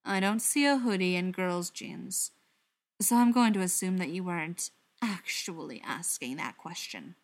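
A woman's voice: lowish voice, a little slow, lightly acted. A woman reading an audiobook, voicing a cool, haughty male vampire who speaks in clipped, sarcastic lines. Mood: cold.

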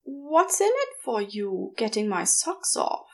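A woman voicing an anxious, earnest young boy who speaks in a halting, pleading way. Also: on the high side, very animated, heavily acted. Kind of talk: audiobook character reading.

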